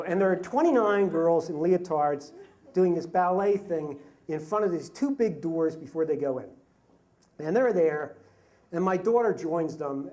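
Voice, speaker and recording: Man, fifties, live storyteller, self-deprecating, halting restarts, chuckling asides. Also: on the high side, mellow, slight background noise. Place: stage before a live audience.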